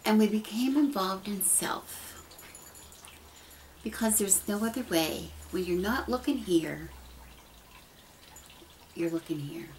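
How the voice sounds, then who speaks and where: A woman's voice: medium pitch, takes it slowly, pauses often, a little mellow, a little hiss or hum, poor audio. A middle-aged woman speaking earnestly and casually to her camera, rambling with restarts as she shares heartfelt thoughts. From United States. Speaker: pagan vlogger. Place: dim room at home. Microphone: camera mic.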